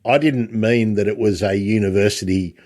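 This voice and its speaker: An older Australian man hosts a podcast, asking questions in a friendly, conversational way during casual interview talk. His voice is fairly low, a little mellow, and steady in tone at normal speed.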